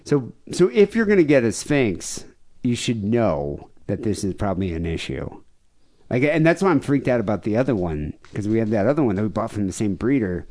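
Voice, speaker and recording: A low-pitched man co-hosts a podcast in loose casual chat. He is grieving, and his story wanders and swears freely. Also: sing-song, brisk, mellow. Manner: profane, rambling storytelling. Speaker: podcast co-host.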